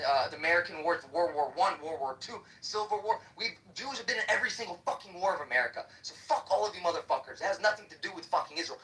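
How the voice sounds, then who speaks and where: A man's voice: sits high, pushed and bright. A man ranting combatively and profanely in a heated live debate on an audio chat app. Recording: echoey, distant livestream audio.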